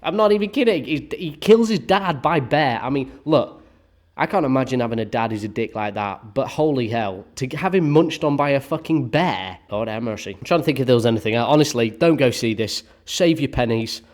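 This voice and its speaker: A man's voice: medium pitch, animated, fairly quick. A young man giving a casual, exasperated film review full of swearing and sarcasm.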